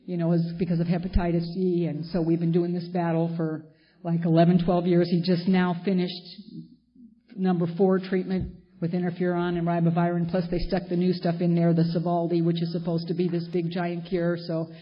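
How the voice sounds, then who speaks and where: Fairly low, monotone, and brisk, the voice belongs to an older Southern California woman sharing a wry, candid story at a recovery meeting. An echoey hall, faint noise, and dull lo-fi sound mark the recording.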